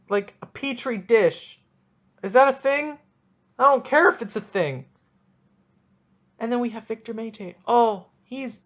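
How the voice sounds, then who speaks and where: A man hosting a casual solo sports podcast, talking in an excitable, rambling and jokey way, with a stuffy nose. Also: high-pitched. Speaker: podcast host.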